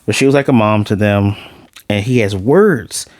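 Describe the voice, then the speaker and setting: A man walks through an anime episode in a loose, chatty review, with a voice that sits a little low. He retells scenes in an animated way, leaning on "like" and stumbling into restarts. The sound is dry and close, with no room around it. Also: moderate pace, no room sound.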